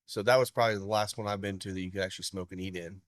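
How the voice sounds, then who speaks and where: A man's voice: sits low, steady tone, racing, dry recording, clean studio sound. A man co-hosting a casual podcast, easygoing and loose, restarting his sentences. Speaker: podcast co-host. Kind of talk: casual chat.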